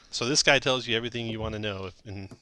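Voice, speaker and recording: Bright-voiced man running a tabletop game. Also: medium pitch. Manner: relaxed, explanatory, with fillers. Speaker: dungeon master.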